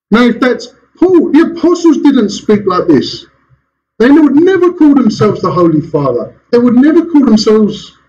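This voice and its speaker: A man's voice: sits high, sing-song, moderate pace, a little mellow, lo-fi sound, a little hiss or hum. A man preaching a sermon as pastor in a church, asking rhetorical questions and chuckling between points. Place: church hall.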